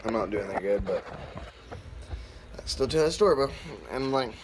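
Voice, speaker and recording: A man's voice: mid-range voice, animated, a little slow, background noise. A young man vlogging and telling a rambling, profane, laid-back story full of fillers.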